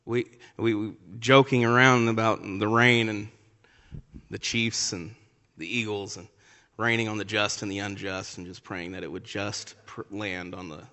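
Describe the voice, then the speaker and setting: A man's voice: fairly low pitch, unhurried. Preaching man in a reverberant hall. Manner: lively preaching with dramatic swings from loud to soft. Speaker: pastor. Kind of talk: sermon.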